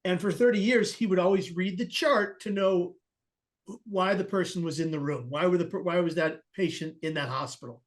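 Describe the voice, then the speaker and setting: A man with a notably high speaking voice shares a personal story as a podcast guest. He tells it earnestly and acts out the voices of the people he quotes. He often restarts his sentences mid-thought. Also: normal speed.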